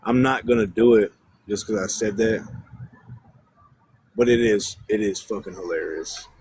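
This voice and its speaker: A man's voice: on the low side, unhurried, a little mellow, breathy edge, low-quality recording. A young man chatting casually and bluntly with his viewers on a livestream, rambling and swearing freely.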